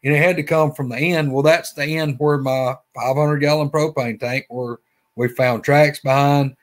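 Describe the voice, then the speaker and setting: A man's voice: a little high, fairly even intonation, moderate pace. A man with a Southern Alabama accent, telling a story in a rambling, folksy way. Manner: rambling, folksy, repeats himself. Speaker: guest. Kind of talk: casual storytelling.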